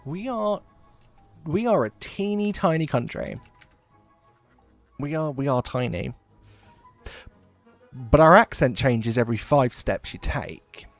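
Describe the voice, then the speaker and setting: A man's voice: mid-range voice, expressive, measured pace, pauses often, soft background music. Chatty English man swearing casually. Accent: English, with a touch of Midlands. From England. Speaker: game streamer. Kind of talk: casual livestream chat while gaming.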